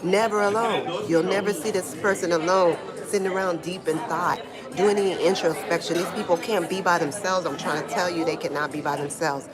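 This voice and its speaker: A woman giving casual live-stream commentary from home in Brazil, talking in a slangy, animated way and answering chat comments, with a small clip-on mic. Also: fairly low pitch, a little fast, a crowd in the background. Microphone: small clip-on microphone being tested. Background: Brazilian music playing.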